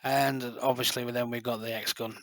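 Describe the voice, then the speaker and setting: A man's voice: medium pitch, little pitch movement, normal speed, fairly bright tone, dry recording. A middle-aged man, a light gun builder talking to camera in a passionate, boastful, rambling way full of fillers. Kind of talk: casual rambling talk to camera.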